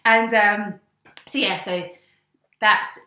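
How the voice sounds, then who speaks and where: A young woman from England telling a story in casual chat, animated and swearing, acting out the voices she quotes. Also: medium pitch, drawn-out words, echoey room, slight background noise. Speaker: guest.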